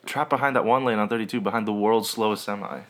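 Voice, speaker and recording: A young man co-hosting a casual podcast from his bedroom, playful and quick to laugh. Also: fairly low pitch, a bit bright. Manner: laughs often, playful and joking. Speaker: podcast co-host. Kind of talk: casual chat.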